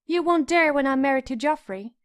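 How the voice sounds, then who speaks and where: A woman's voice: high voice, animated, normal speed. A woman voicing a prim, haughty young girl. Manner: haughty and airy.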